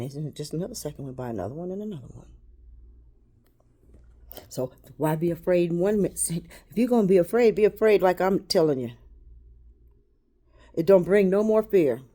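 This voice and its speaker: Woman, low-pitched, rambling spiritual talk; halting, repetitive, shifts between hushed and loud. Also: breathy edge. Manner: halting, repeats words.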